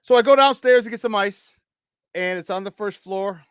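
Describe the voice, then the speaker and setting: A man's voice: high-pitched, normal speed, smooth, dry recording, clean studio sound. A man co-hosting a morning sports talk show, telling a story in casual chat and acting out the people in it. He swears casually and restarts his sentences often.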